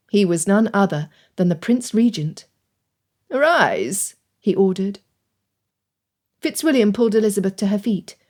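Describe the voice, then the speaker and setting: A woman reading a period romance audiobook aloud with an expressive, dramatic delivery. Her voice sits in a middle range. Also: medium pitch. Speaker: audiobook narrator. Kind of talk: scripted narration.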